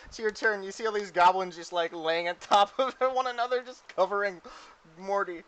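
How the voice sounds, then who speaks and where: A man's voice: sits high, normal speed, fairly bright tone, clear, resonant tone. A young man running a tabletop game as game master, often breaking into laughter as he narrates. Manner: giggly, laughs through his narration.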